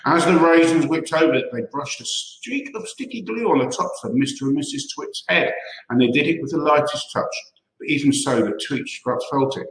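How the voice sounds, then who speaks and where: Man reading a kids' book, steady measured voice, echoey room. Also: on the high side. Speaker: story reader. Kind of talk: reading a children's book aloud.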